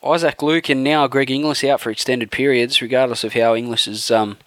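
Male podcast co-host, mid-pitched, sarcastic and profane, dry close recording. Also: fairly even intonation, normal speed, a bit bright, dry recording. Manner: blunt, profane, sarcastic banter. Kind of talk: casual sports podcast chat.

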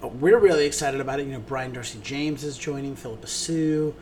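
A man's voice: medium pitch, a little fast, a little mellow. A man co-hosting a theater podcast, gushing enthusiastically about shows in casual chat, with many ums.

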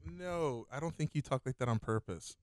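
A man's voice: medium pitch, animated, normal speed, clear, resonant tone, dry recording. A man cohosting a podcast, chatting in an easygoing, reassuring way. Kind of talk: casual chat.

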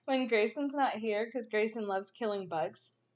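Woman, thirties, high voice, laughing storyteller, casual chat. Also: unhurried.

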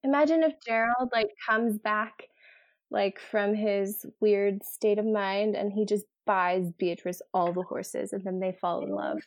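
A woman's voice: mid-range voice, fairly even intonation, a little slow, no room sound. A young woman co-hosting a casual book podcast, playful and giggly. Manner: playful, giggly, brief replies. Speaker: podcast co-host. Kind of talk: casual book-discussion chat.

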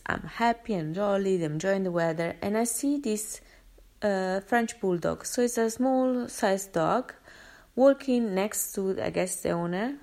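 A woman's voice: medium pitch, a little mellow. A woman vlogger rambling through a personal story in a casual, chatty way, with many fillers and restarts. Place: London.

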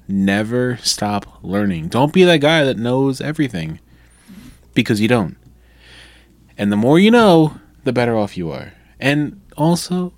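A man's voice: medium pitch, darkish tone, dry recording. A man co-hosting a podcast in casual chat, laid-back and teasing, with short replies. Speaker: podcast co-host.

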